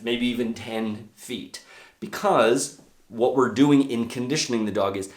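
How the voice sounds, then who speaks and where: A man's voice: medium pitch, slight background noise. Man explaining dog training in a roomy space. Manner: brisk, hands-on explaining with demonstrations. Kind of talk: casual instructional talk. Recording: roomy echo.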